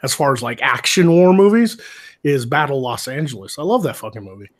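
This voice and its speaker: In a laid-back podcast conversation, a co-host who served in the military talks quite quickly with lively intonation at a medium pitch. He meanders, curses a lot, and keeps restarting his sentences.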